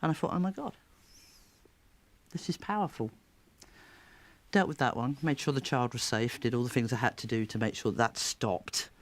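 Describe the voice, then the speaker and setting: A woman, a therapist, telling stories in an interview with a lively, laughing manner. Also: rumbling low, brisk, hardly any pauses. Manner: lively, animated storyteller who laughs often. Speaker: therapist and child coach. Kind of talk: storytelling interview.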